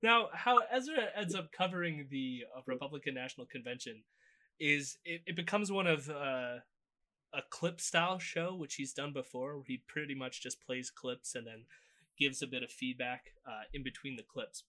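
A man's voice: mid-range voice, normal speed, sharp tone. A man co-hosting a podcast, recapping clips in a loose, sardonic casual chat. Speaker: podcast co-host. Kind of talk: casual political commentary chat.

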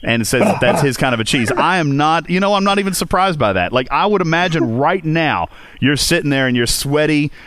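A man's voice: a little high, expressive, fairly quick, a bit bright, no room sound. Joking man hosting a podcast. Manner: joking, teasing, laughs often. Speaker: podcast host. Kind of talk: casual chat podcast.

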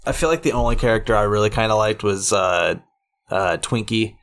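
A man's voice: lowish voice, brisk, a bit bright. A man co-hosting a casual film chat podcast, rambling and self-deprecating with many restarts. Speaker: podcast co-host.

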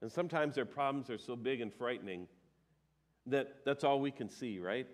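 A man's voice: medium pitch, normal speed. A male pastor giving a sermon. He talks in a conversational way, with emphatic rises and some hesitations.

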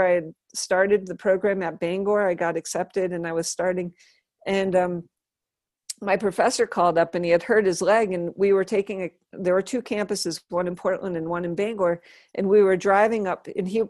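A woman's voice: fairly low pitch, no room sound. Dry-voiced woman telling stories animatedly. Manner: animated, acts out quoted dialogue. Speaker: interview guest. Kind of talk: casual storytelling in conversation.

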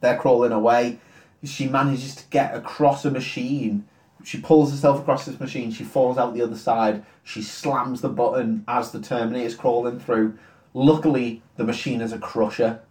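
A young man rattles through a film plot for laughs, swearing freely and slipping into quick mock quotes. His voice sits at a middling pitch, and the room around him rings with a noticeable echo. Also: steady tone, a little mellow. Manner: rambling, profane storytelling with mock quotes. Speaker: podcast co-host retelling a film. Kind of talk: crude comedic film recap. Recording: roomy echo.

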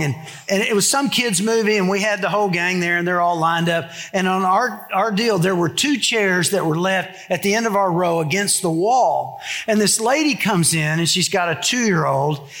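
A man preaching a sermon, telling a story in a conversational way and going low and quiet for the solemn points. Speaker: pastor.

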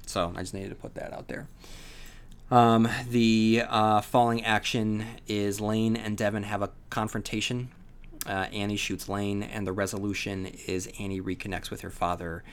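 A sleepy man hosting a podcast from home, talking casually about a book with lots of fillers and restarts. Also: on the low side. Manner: rambling, many fillers and restarts. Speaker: podcast host. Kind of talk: casual solo book discussion. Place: home on a rainy day.

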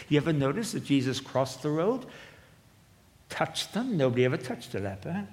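A man with a somewhat high voice preaches a sermon. He swings from booming declarations to hushed, intimate asides. His voice rings out with the long reverb of a large church hall. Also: expressive, normal speed. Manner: dynamic preaching, swinging from loud proclamation to quiet asides. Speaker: pastor.

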